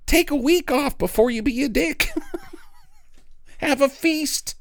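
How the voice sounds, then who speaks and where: A podcast co-host in a casual comedic chat sarcastically retells a film, tossing in quick mock voices and swearing and laughing often. The voice is high-pitched and creaky, with no echo.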